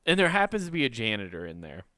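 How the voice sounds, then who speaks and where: A man from Iowa, co-hosting a comedy podcast, tells a story in a lively, casual way, laughing often. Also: mid-range voice, quick pace, no room sound, clean studio sound. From Iowa, USA. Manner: animated, laughing, acts out quoted voices.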